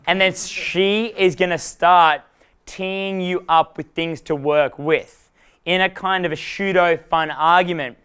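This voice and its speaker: Young male dating coach, raised voice, clean smooth tone, rambling and swearing, chuckles at himself. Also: high voice, steady tone, a little slow, a bit bright. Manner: rambling, profane, laughs at his own jokes. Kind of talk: live workshop talk.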